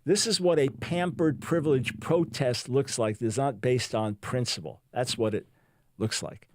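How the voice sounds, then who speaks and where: A man's voice: mid-range voice, unhurried, no room sound. A man hosting a talk radio show, delivering a sarcastic, mocking monologue in a studio. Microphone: studio microphone.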